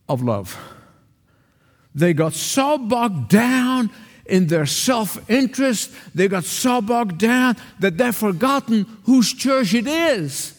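A pastor from the Arab world delivers a sermon in a high voice, his cadence emphatic and repetitive. A long reverb carries his words through the church hall.

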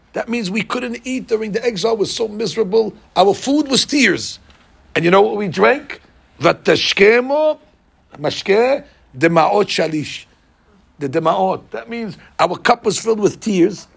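A man teaching a Bible class, animated and asking the class questions as he explains verses. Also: sits high, vocal fry, husky. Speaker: Torah teacher.

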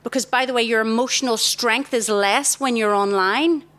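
A middle-aged woman, giving a lively, direct sermon to a tent of girls. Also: fairly high pitch, normal speed. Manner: lively, direct, warmly emphatic. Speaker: youth speaker. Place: large tent.

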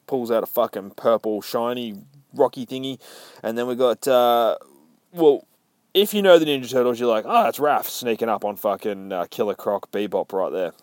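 A man's voice: medium pitch, moderate pace, a little mellow, no echo. A man recapping a comic book in casual chat, swearing constantly and acting out the characters' lines.

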